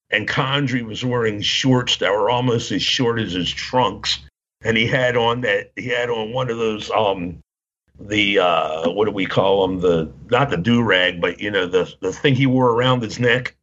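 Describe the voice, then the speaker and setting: A man's voice: fairly low pitch, a little slow, fairly bright tone. A man telling long, rambling stories in casual chat, laughing often and acting out what people said. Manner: rambling, laughing, acts out quotes. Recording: dull lo-fi sound.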